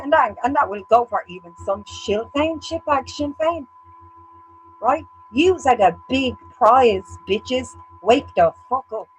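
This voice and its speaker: A woman's voice: on the high side, a little hiss or hum, low-quality recording. An Irish woman co-hosting a casual livestream chat, ranting bluntly with heavy swearing. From Ireland. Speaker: co-host.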